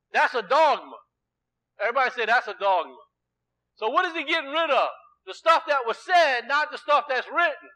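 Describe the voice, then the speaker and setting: A male preacher with a high, bright, ringing voice delivers an emphatic sermon. He keeps quizzing his listeners with questions and swings between loud exclamation and low, quiet explanation. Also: big pitch swings, normal speed, rough recording.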